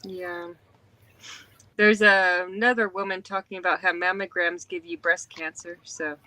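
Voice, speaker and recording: A woman's voice: lowish voice, steady tone, measured pace, pushed and bright, rough recording. A woman hosting a casual live stream chat, reading odd posts aloud with dry asides.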